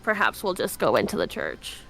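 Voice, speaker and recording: A woman's voice: rumbling low, wildly swooping pitch, a little fast, creaky, a bit bright, faint music behind. A woman playing a tabletop game, who animatedly narrates what her character does. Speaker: player.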